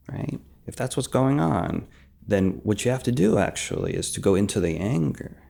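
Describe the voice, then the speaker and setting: A man teaching emotional release in a calm, soft way, dropping into whispers as he acts out examples. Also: mid-range voice, moderate pace, vocal fry. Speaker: meditation teacher. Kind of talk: calm spoken guidance.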